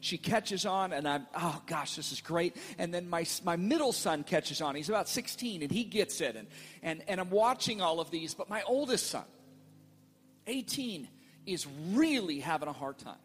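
A middle-aged male pastor telling a family story in a sermon, animated and playful, acting out the voices in his quotes. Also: high-pitched, normal speed, slightly rough, in a large hall.

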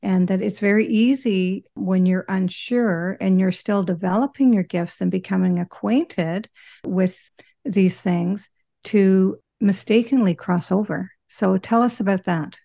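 A woman's voice: medium pitch, unhurried, creaky, mellow. A woman hosting an interview podcast, affirming her guest and framing her questions with thoughtful reflections. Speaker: podcast host.

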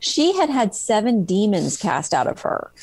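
A woman's voice: mid-range voice, very animated, unhurried, husky, dry recording. Lady author telling stories from her book, lots of ums, dry close sound. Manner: warm storytelling with many ums and restarts. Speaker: author guest. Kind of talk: casual interview about her book.

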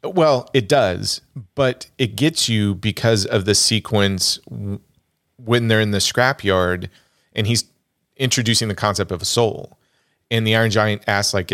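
A low-voiced man talks films as a podcast co-host, recorded close and dry with no room sound. He tells stories with feeling and a lot of animation. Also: measured pace, no room sound. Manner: emotional, animated storyteller. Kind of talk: casual film discussion.

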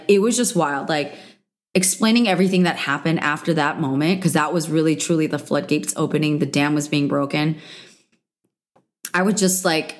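A young woman hosting a solo podcast, talking candidly and emotionally in a rambling, confessional way full of "like" fillers. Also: on the low side. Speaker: podcast host.

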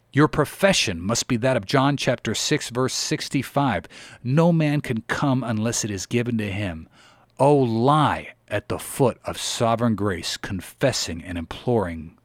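A man delivers an old-style sermon in a solemn, measured cadence, rising into earnest pleas. His pitch sits in an ordinary middle register. The sound is dry and close, with no room around it. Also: lively intonation, no echo. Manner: earnest, measured preaching cadence with pleading exclamations. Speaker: reader of historical sermons.

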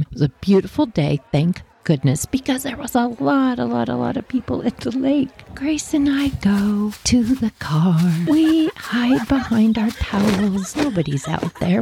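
A woman's voice: mid-range voice, creaky, slight background noise. A middle-aged woman telling a funny personal story, laughing often and acting out the quotes. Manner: animated, laughing, acts out quotes.

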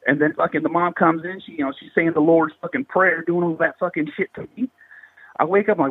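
A man's voice: fairly high pitch, fast, breathy edge, no echo, phone-quality sound. A man in his thirties from the Bay Area, telling a paranormal story in slangy, profanity-heavy casual talk. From Bay Area, California. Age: 30s. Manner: heavy swearing, slangy and animated.

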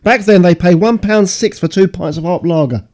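A man with a mellow, warm-toned voice that sits a little high. He co-hosts a casual commentary, chuckling through dry asides and bits of trivia. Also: normal speed. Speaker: podcast co-host.

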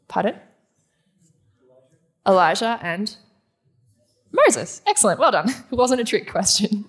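A woman's voice: mid-range voice, creaky. A woman preaching a sermon to a live audience in a teaching manner, asking the room questions and answering them.

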